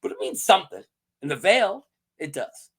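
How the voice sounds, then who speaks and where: A man casually recapping fantasy story lore, playful and quick to laugh, with lots of fillers. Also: high-pitched, slightly rough. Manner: playful, animated, laughs often, many fillers. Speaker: host of a fantasy lore channel.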